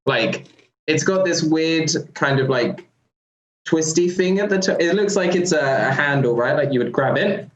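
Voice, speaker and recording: A man's voice: on the high side, animated, moderate pace, echoey room, muffled recording. A man playing a tabletop game, describing his actions hesitantly with many fillers. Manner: hesitant, many likes and ums. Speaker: player.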